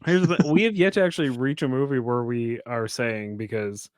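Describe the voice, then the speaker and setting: A man co-hosting a movie-review podcast, chatting casually in an animated, rambling way and swearing often while he jokes. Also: mid-range voice, fairly quick, smooth, no room sound. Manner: animated, rambling, profane and joking. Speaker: podcast co-host.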